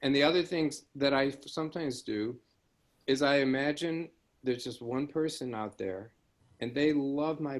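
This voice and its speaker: A man, a fellow musician on a panel, giving frank and casual answers that ramble a little. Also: mid-range voice. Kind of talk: relaxed Q&A answer.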